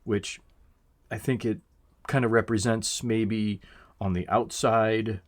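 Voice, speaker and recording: A man giving a casual, reflective album review, unhurried and full of fillers, swearing now and then. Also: lowish voice, steady tone. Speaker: music reviewer.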